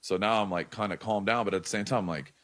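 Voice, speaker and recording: Loose, animated storytelling comes from a young man guesting on a podcast, with plenty of slang and filler words. He speaks fast in a voice on the low side.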